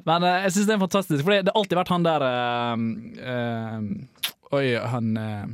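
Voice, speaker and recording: A man's voice: on the high side, level tone, a little fast, smooth, no echo, studio quality. A man hosting a reaction video, chatting casually and with enthusiasm about what he has watched. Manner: enthusiastic, casual, swears lightly.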